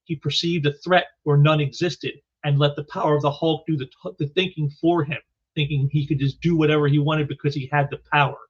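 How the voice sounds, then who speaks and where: A man reviewing a comic book in casual commentary, halting and often repeating words, on a dull lo-fi recording. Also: fairly high pitch, level tone, slightly rough.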